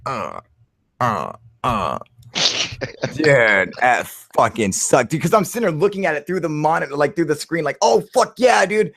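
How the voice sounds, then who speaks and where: A man hosting a casual live chat, excitable and profane, calling everyone dude as he tells a story. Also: a little high, moderate pace, creaky. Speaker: channel host on a livestream.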